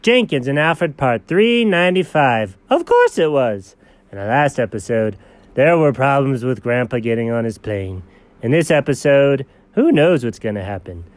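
A man's voice: mid-range voice, very animated, moderate pace, dry recording. A man co-hosting an improvised comedy show, rambling playfully with theatrical gasps. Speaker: comedy co-host.

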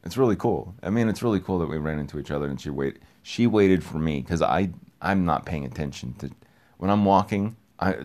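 A young man talking in a casual, rambling monologue, repeating himself, getting excited and swearing offhand. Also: low-pitched, fairly quick. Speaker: podcast host.

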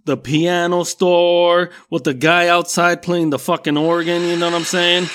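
Man, middle-aged, slow drawling pace, slightly high voice, rambling profane storytelling. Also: little pitch movement, a bit bright, slight background noise. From Mexican-American. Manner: slow, rambling, profane, laughs at own stories.

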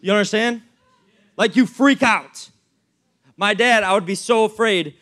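Animated high-voiced young male pastor. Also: unhurried. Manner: animated, acts out anecdotes, many fillers. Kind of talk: sermon with storytelling.

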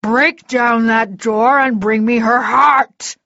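A woman voicing a furious, hissing male villain lord who snarls and shouts his orders. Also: high-pitched, animated, drawn-out words, dry recording, voice pushed up, heavily acted. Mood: hissing menace. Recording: dull lo-fi recording.

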